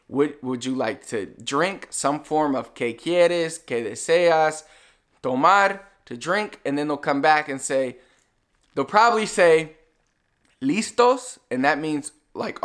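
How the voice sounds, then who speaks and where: A young man with a slightly raised pitch teaches in a loose, chatty way, as if talking to a friend. He slows right down whenever he models an example phrase, then picks his normal pace back up. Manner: relaxed and conversational, slows down to model Spanish phrases. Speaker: Spanish teacher. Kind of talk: casual video lesson.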